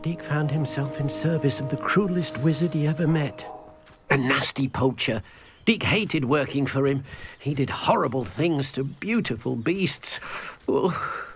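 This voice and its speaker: A man's voice: medium pitch, unhurried, soft background music, close to an everyday voice. An actor playing a kindly male house elf in a video game, who talks about himself in the third person. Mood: earnest.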